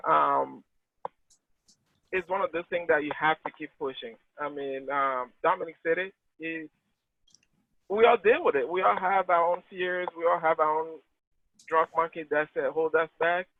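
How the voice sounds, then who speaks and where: A man in his late thirties with a Togolese accent, talking earnestly and animatedly with many restarts. His voice sits fairly high for a man. The sound is tinny and dry, like a phone line. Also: normal speed, creaky, no room sound. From Togo, West Africa. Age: 30s. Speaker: real estate agent guest. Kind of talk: conversational interview answers.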